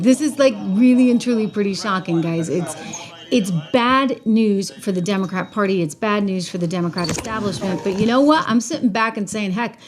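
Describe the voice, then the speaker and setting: A woman with a medium-pitched voice hosts a casual political commentary stream. She talks to viewers in an animated, emphatic way, often restarting sentences and going off on asides.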